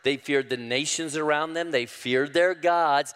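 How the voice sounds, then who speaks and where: An older man preaching a sermon, folksy and calling the crowd y'all, rising loudly when he quotes scripture. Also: fairly high pitch, unhurried, clean tone. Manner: preaching with sudden loud rises to quoted scripture. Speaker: pastor. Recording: long hall reverb.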